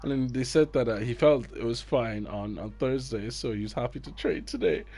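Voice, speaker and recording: A man's voice: mid-range voice, a little fast, a little mellow. A man, a youth football coach telling a story in a casual chat with friends and acting out the people he quotes. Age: 20s.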